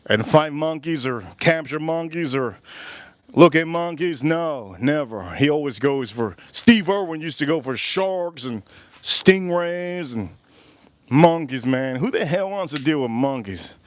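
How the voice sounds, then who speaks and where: Guy livestreaming from the grill outside, kinda high voice, joking around and reading the chat. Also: lively intonation, a little slow, no room sound. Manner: loose, joking, talks to chat and reads super chats aloud. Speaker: livestream host. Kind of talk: casual livestream chat while cooking.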